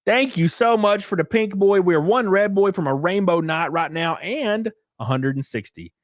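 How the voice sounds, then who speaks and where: A man's voice: high-pitched, lively intonation, normal speed, dry recording. Sarcastic, swearing male streamer, dry mic. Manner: mocking, exaggerated voices. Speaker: live streamer. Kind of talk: casual live-stream talk, reading chat.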